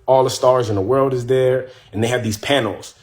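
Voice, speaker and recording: Man, live-stream host, relaxed storytelling, profane. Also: mid-range voice, normal speed. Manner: laid-back, profane, chatting with viewers.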